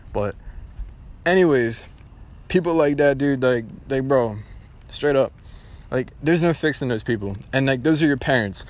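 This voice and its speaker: A young man hosting a casual solo podcast, talking bluntly and ramblingly with lots of swearing. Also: mid-range voice. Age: young adult. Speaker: podcast host.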